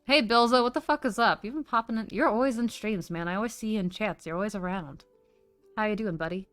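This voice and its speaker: Quick and a little bright, this medium-pitched woman's voice plays over faint music. She's a livestreamer in casual chat mode, cursing freely and gushing thanks whenever viewers donate.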